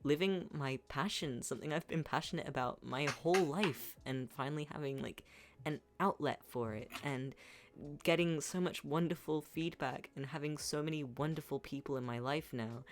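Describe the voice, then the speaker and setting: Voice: mid-range voice, moderate pace. A livestream host in casual chat, rambling with many ums and likes and breaking into giggles.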